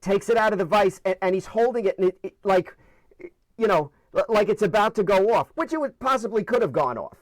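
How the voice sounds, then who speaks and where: A man with a New York accent tells funny stories, acting out the voices as he goes. His voice sits high for a man. The sound is dry and close, with no room around it. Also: brisk, dry recording. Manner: animated, acts out voices in anecdotes. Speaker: guest storyteller. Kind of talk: casual storytelling.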